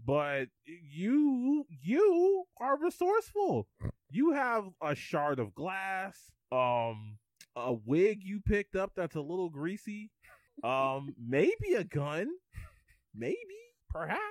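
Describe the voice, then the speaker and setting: Lively bantering podcast guy. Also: high-pitched, takes it slowly, no echo. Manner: animated, bantering, mock-serious rants. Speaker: podcast co-host. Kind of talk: casual comedic chat.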